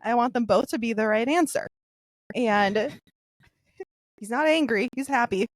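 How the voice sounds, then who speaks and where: A woman's voice: fairly high pitch, unhurried, no room sound. A young woman co-hosting a podcast, chatting casually with playful, giggly banter. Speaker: podcast co-host. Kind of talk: casual chat.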